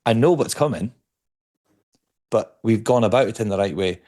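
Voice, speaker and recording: Low-voiced man, reflective, searching for words. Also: animated, moderate pace, dark tone. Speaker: podcast guest, speaker on stress. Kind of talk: conversational interview.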